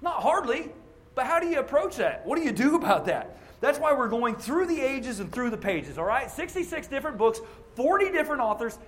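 A man's voice: very high-pitched, big pitch swings, a little fast, fairly bright tone. A man and racing ministry chaplain giving an informal sermon at a racetrack, telling a personal story in a conversational, plainspoken way.

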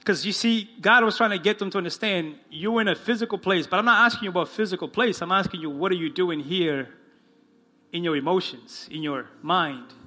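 A man preaching a sermon as pastor to his congregation, slowing down and dropping his voice low for the quoted lines. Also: bright, forceful tone. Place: church in front of a congregation.

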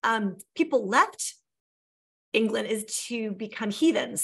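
A woman's voice: a little high, lively intonation, takes it slowly, creaky, husky. An American woman co-hosting a casual food podcast, bubbly and enthusiastic, often saying she loves things. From United States. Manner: bubbly, enthusiastic, lots of "like" and "I love that". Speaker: podcast co-host. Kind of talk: casual chat.

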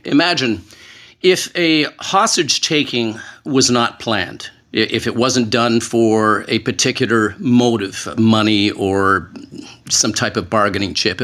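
Earnest man, slow emphatic speech. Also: mid-range voice, a bit bright. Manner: earnest, measured, slows to stress key words. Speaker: panel guest, former hostage negotiator. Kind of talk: panel discussion.

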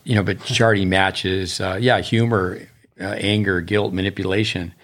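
A man with a very low voice chats casually on a podcast, a middle-aged tennis coach. He rambles through anecdotes and now and then speeds up. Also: level tone, normal speed, fairly bright tone.

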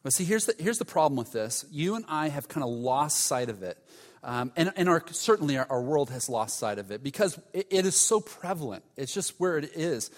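A man's voice: a little high, long reverb tail. A male pastor preaching a sermon in an emphatic, conversational way, stressing key words by repeating them.

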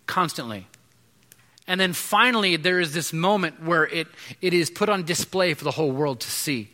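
A pastor in his thirties preaches a sermon to his congregation in a conversational way, with frequent restarts and fillers. His voice is fairly high and sharp-toned at a normal speed, and the recording carries the long reverb of a large hall.

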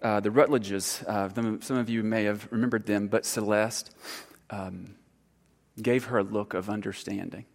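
A man, a church counselor giving an informal sermon talk, earnest and halting, full of fillers and restarts. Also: on the low side, steady tone, vocal fry. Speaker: church counselor speaking to congregation. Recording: long hall reverb.

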